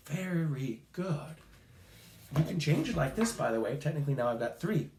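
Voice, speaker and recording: A man's voice: fairly high pitch, big pitch swings, normal speed, darkish tone, a little hiss or hum. A man teaching a children's music lesson, upbeat and counting off rhythms for the class to chant along. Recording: echoey room.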